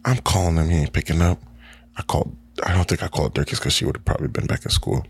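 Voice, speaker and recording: A young man with a very low, husky voice tells a story in casual podcast chat. He talks in an animated way, repeats himself often and laughs as he goes. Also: quick pace. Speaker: podcast co-host.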